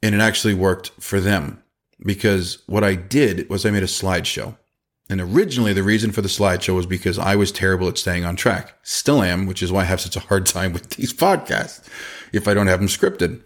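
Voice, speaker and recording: A man in his forties hosting a casual podcast, giving advice with quick asides and a storyteller's energy. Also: low voice. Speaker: podcast host and business owner.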